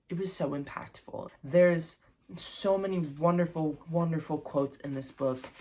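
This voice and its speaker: A woman's voice: sits low, steady tone, slow pace, long pauses, mellow. A young woman reviewing her favorite books in a casual vlog, gushing and effusive, with lots of fillers and restarts. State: recovering from covid. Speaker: book vlogger.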